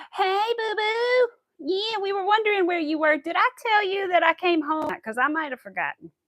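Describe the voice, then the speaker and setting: A woman's voice: very high voice, animated, a little fast, fairly bright tone, dry recording. A woman hosting a casual crochet livestream, chatting and giggling with viewers as she works. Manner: chatty and giggly, talking to viewers while crafting. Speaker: crafting channel host.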